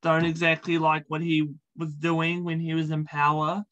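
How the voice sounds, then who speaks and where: A man's voice: a little high, monotone, normal speed, a bit bright, lo-fi sound. A man, chatting casually in an interview, with frequent ums and uhs. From New Zealand. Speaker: podcast host being interviewed.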